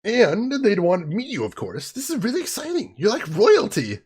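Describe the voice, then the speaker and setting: A man reading the part of an upbeat, eager young woman assistant from a comic, in an excited and chatty way. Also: sits high, normal speed, breathy edge, voice pushed up, heavily acted.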